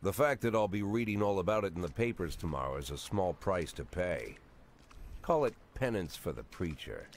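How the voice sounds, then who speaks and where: An actor playing a weary, brooding male police chief, narrating in noir voice-over with a gruff, world-weary delivery. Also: deep voice, big pitch swings, normal speed, slight background noise.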